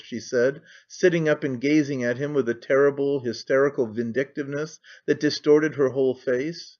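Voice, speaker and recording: A man narrating a classic novel as an audiobook, measured and expressive. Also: medium pitch, dull audio.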